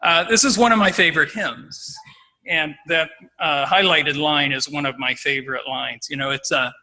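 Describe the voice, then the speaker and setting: Bright-voiced man preaching. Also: a little high, normal speed, poor audio. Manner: informal, acts out scenes. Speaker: lay preacher giving an exhortation. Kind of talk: conversational sermon.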